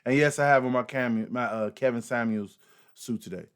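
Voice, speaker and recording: A man's voice: medium pitch, brisk, smooth. A man hosting a reaction commentary, talking emphatically with frequent repeats, fillers and swearing. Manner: emphatic, repetitive, profane, fillers. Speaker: host.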